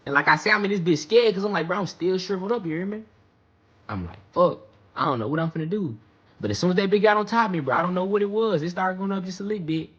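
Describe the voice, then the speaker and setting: Over lo-fi sound, a young man rattles off a profane, slang-heavy storytime monologue, fast and expressive with a slightly rough voice. "You hear me?" comes up often, and his pitch leaps when he relives the panicky parts.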